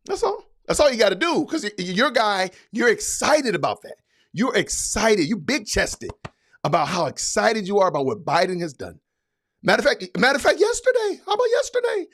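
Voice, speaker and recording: A man's voice: high-pitched, very animated, fairly quick, a bit bright. A man hosting a podcast, giving sarcastic political commentary in a mocking, hyped-up, repetitive way. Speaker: podcast host.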